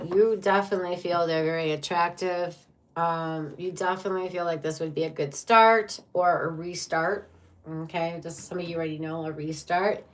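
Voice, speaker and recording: Blunt woman tarot reader, low voice. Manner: blunt, profane, dramatic reactions. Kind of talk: tarot reading for viewers.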